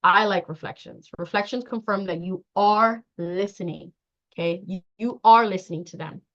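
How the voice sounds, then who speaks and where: A woman leading a workshop training session, talking in a lively way, acting out quoted dialogue and laughing often. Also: mid-range voice, moderate pace. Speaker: trauma-informed care trainer. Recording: dull lo-fi sound.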